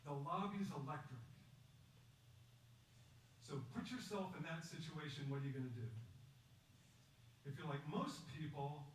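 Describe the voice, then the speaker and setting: A man giving a prepared public talk, measured and emphatic, telling a story and asking rhetorical questions. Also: fairly high pitch. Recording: echoey distant recording with faint background noise.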